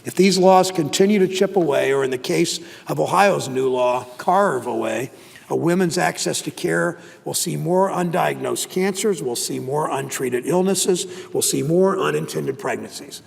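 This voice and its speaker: A man's voice: a little high, moderate pace, vocal fry. A man in his sixties, a senator from Ohio, giving an emphatic political speech in a legislative chamber, driving points home with repeated phrases. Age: 60s. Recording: long reverb of a large chamber.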